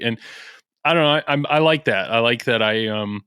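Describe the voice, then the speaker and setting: A Midwestern man chatting as a podcast guest, earnest and self-deprecating, quick to laugh. His voice sits at an ordinary middle pitch. It sounds dry and close, with no room echo. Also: pushed and bright, smooth. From American Midwest. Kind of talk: casual chat.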